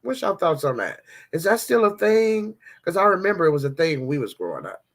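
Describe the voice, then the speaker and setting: A woman's voice: lowish voice, very animated, brisk. A woman hosting a casual devotional vlog, chatting animatedly and talking straight to her viewers.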